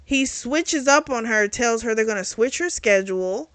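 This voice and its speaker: A woman talks through a book's plot in a loose, animated way, peppering it with fillers and the occasional curse. Her voice is bright and forceful. The sound is close and dry, with no room around it. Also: on the high side, normal speed, no room sound. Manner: animated retelling full of fillers and swearing. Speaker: book reviewer. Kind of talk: casual spoken book recap.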